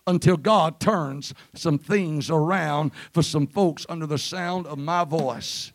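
High-voiced preacher, building to shouts. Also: male voice, takes it slowly, hardly any pauses, no room sound, studio quality. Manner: rises to shouted peaks, calls for amen. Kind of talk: Pentecostal sermon. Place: church sanctuary.

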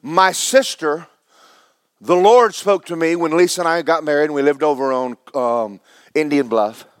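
A man preaching a sermon, loud and emphatic at times and sinking to a hushed near-whisper at others. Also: a little high, normal speed, smooth, no room sound, clean studio sound.

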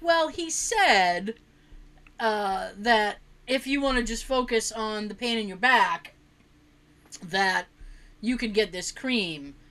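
A woman voicing her sister, calm and matter-of-fact as she explains. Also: medium pitch, slow pace, pitched below the performer's own voice.

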